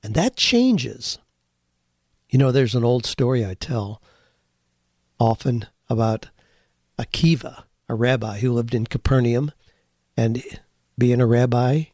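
Speaking slowly with long pauses, this older podcast host gives conversational advice to listeners, earnest, folksy, and encouraging, with storytelling mixed in. His medium-pitched voice has lively intonation and a darkish tone. The sound is clean studio audio without any room sound.

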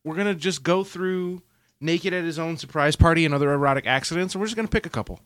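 A man's voice: a little high, quick pace, a bit bright, dry recording. A man co-hosting a podcast, reading a story aloud with playful asides and quoted voices in casual chat. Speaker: podcast co-host.

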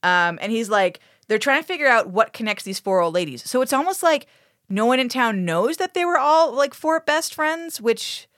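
A woman recapping a TV episode on a podcast, swearing a lot and acting out the characters' lines with big, animated energy. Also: fairly high pitch, normal speed, no room sound, clean studio sound. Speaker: podcast co-host. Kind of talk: casual podcast recap chat.

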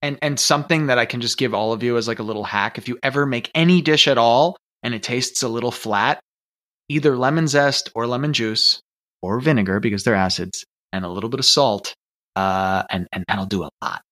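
A man, a guest chef, chatting casually and telling lively stories with acted-out dialogue. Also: medium pitch, a little fast. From United States. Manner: lively storyteller, acts out dialogue. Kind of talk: casual chat.

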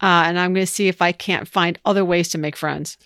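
Bright, crisp woman co-hosting advice chat. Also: on the low side, steady tone, brisk, dry recording, studio quality. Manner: laughs often and acts out quoted voices. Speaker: advice podcast co-host.

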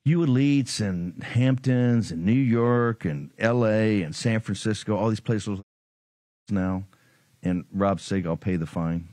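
A man's voice: on the low side, slow pace, warm tone, dry recording. Sarcastic, combative male political host in a dry, close studio sound, taunting his opponents. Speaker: political talk show host.

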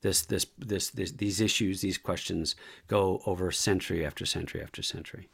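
Man, low voice, passionate interview guest, animated, bursts into quoted verse. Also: fairly quick, creaky, slightly rough. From United States. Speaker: guest, veteran and actor.

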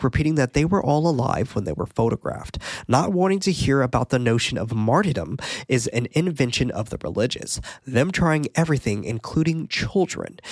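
A man's voice: mid-range voice, breathy edge, no echo, studio quality. A man co-hosting a podcast, casually recapping a film's plot, laughing often and swearing. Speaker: podcast co-host. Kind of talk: casual film recap chat.

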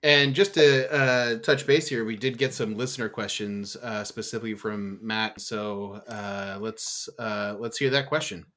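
A man hosting a casual podcast chat, relaxed and loose, swearing freely and leaning on lots of "uh" fillers. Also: fairly low pitch, measured pace, few pauses. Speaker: podcast host.

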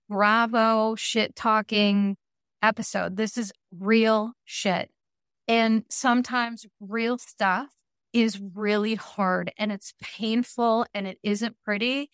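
A woman's voice: on the high side, a bit bright, clear, resonant tone, no room sound, clean studio sound. A woman guest therapist on a podcast, speaking in an earnest, emphatic and reassuring way. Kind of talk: podcast conversation.

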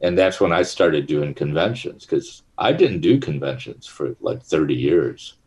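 The guest is a middle-aged actor chatting casually in an interview, his voice a rumbling, darkish low that's expressive and unhurried. Fillers and restarts run throughout his rambling stories.

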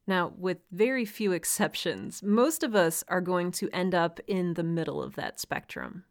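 Solo podcast host, woman, lowish voice, earnest and encouraging. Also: a little slow. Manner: earnest, encouraging, laughs lightly now and then. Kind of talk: solo podcast talk to writers.

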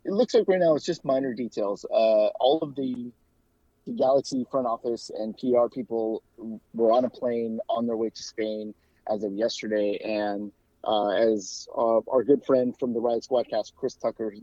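A dark-toned American man with a mid-range voice is a guest in a casual, lo-fi remote interview, with no room sound. A soccer club fan and podcast co-host, he is chatty and talks in quick bursts full of restarts and fillers.

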